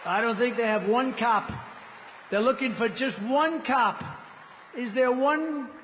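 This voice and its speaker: A man's voice: very high-pitched, takes it slowly, fairly bright tone, some chatter behind, a little hiss or hum. A man giving a rambling, boastful rally speech as a political candidate in a large indoor arena. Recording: long arena reverb.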